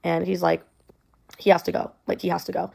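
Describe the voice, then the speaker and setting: A woman's voice: lowish voice, little pitch movement, a little fast, vocal fry, a little mellow, slightly rough. A young woman telling a personal story in a rambling way, full of "like" and "um". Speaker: storyteller in a clip.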